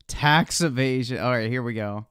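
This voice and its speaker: A man's voice: medium pitch, normal speed, a bit bright, clean tone, dry recording, studio quality. A man giving casual, profane commentary on a live stream as he reacts to clips, laughing often. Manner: laughs often, swears freely.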